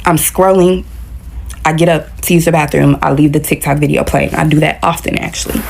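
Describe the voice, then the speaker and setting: A woman's voice: deep voice, fairly even intonation, normal speed, creaky, darkish tone. A woman telling a story in a casual storytime style, retelling it with animation and acting out the quoted dialogue.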